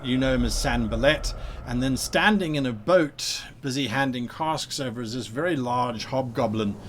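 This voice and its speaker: A man narrating a tabletop game as game master, describing scenes in a relaxed way with fillers. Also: medium pitch, normal speed, slight background noise.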